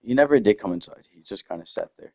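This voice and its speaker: This young gaming storyteller has a low, slightly mellow voice with vocal fry, talking fast and expressively as he rambles through a casual tale. Game asides constantly interrupt him mid-thought; the desktop mic sounds close and dry, with no echo.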